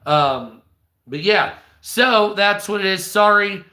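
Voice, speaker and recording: A man hosts a live stream and rants, rambling and mocking with plenty of profanity. His voice sits a little high and sounds bright and forceful. The room around him is echoey. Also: lively intonation, slow. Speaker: live stream news host. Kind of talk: ranting live stream commentary.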